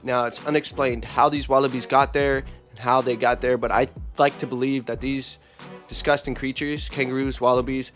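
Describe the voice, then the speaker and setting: A man hosting a comedic vlog in an energetic, joking, slangy way. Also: mid-range voice, moderate pace, soft background music. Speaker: host.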